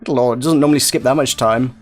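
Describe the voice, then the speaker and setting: A man's voice: mid-range voice, fast talker, soft background music. A man hosting a playful reading of a visual novel, rambling with jokey asides. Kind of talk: playful let's-play narration.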